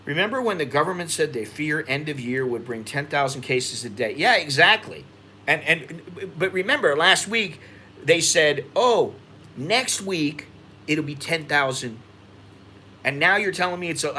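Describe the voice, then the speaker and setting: A man's voice: medium pitch, sharp tone, a little hiss or hum. An American man hosting a livestream, reading viewer comments and rambling with frustration, repeating himself. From United States. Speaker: expat vlogger.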